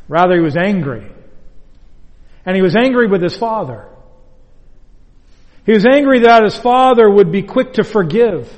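A pastor with a high-pitched male voice preaches an earnest sermon, pressing his points with deliberate repetition. His words carry a long reverb, like a large sanctuary. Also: darkish tone.

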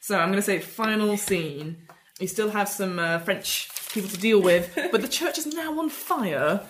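A woman runs a comedic tabletop game as game master, narrating scenes in a lively, giggly way. Her voice sits in a roomy space, with a faint hiss underneath. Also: medium pitch, normal speed.

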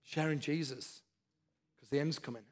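A man's voice: fairly high pitch, fairly even intonation, moderate pace. A man preaching a sermon, with earnest, repeated exhortations. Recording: long hall reverb.

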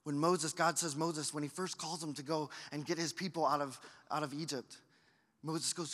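Pastor guy preaching, bright high voice, lively and loud then hushed, long church reverb. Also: moderate pace. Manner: animated, acts out quoted voices with big swings in loudness. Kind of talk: sermon.

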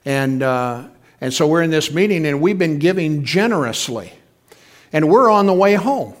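Middle-aged male pastor, a touch high-pitched, casual down-home sermon delivery with asides to the congregation. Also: lively intonation, moderate pace. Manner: folksy, conversational preaching with asides to the congregation.

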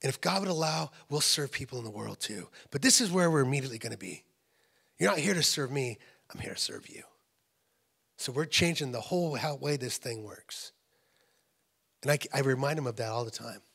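A middle-aged man preaching a sermon as a pastor, talking in a loose, conversational way as he tells stories, and dropping to a hushed whisper to make a point. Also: medium pitch, expressive, a little fast, creaky, slightly rough. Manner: conversational storytelling, drops to a hushed whisper for emphasis. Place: church.

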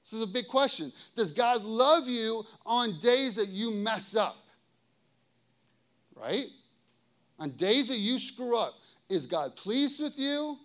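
Guy pastor with a pretty high voice, chatty sermon, keeps asking okay? right?. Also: fairly bright tone. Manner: conversational preaching, frequent "okay?" and "right?" check-ins.

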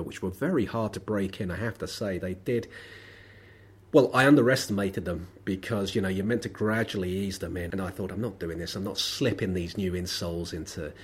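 Though unwell, a man with a low, husky voice hosts his podcast alone, speaking fairly quickly as he rambles through wry everyday anecdotes peppered with ums and uhs.

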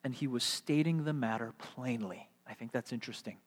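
A man preaching a sermon, asking rhetorical questions and swinging from emphatic to hushed delivery. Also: mid-range voice, fairly quick, long reverb tail.

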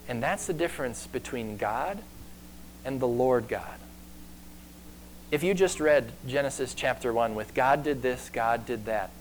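A man preaching a sermon in an earnest way, slowing down and getting louder to stress key words. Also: mid-range voice, a little hiss or hum, rough recording. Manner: earnest, varies pace and loudness for emphasis.

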